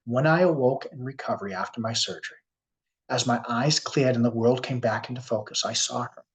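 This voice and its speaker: A man with a Boston accent giving a workshop talk, speaking slowly and earnestly with pauses as he tells a story. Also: mid-range voice, poor audio. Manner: slow, earnest and heartfelt, with pauses. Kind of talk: reflective keynote talk with storytelling.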